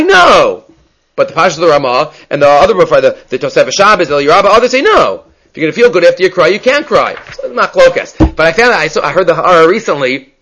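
A man leads a daily Talmud class in a lively, questioning manner. His voice sits a little high for a man. He often mixes Hebrew terms into his talk. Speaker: Talmud teacher.

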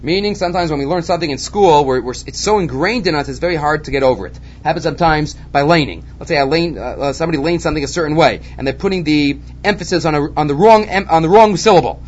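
A man teaching a Talmud lesson, animated and repeating his key points. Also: on the high side, quick pace, hardly any pauses. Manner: animated, repeats key points, mixes Hebrew and Aramaic terms. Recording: dull lo-fi recording with faint background noise.

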